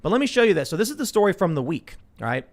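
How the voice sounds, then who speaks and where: A man's voice: high-pitched, racing. A man in his thirties hosting a casual political talk show, reading news aloud and riffing with lots of restarts. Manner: animated, reads news aloud then riffs with restarts. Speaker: podcast host.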